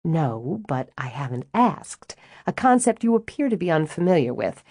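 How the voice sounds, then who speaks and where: A woman voicing a quick-witted young widowed mother who answers with sharp, sarcastic retorts. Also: deep voice, very animated, no room sound, studio quality, full character voice. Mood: sardonic.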